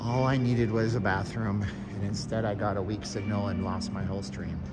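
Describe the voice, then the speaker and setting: A man's voice: fairly low pitch, fairly even intonation, normal speed, over loud music. A man live-streaming a walking tour of a shopping mall, rambling along with joking asides. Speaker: vlogger. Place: inside a large shopping mall. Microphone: phone held while walking.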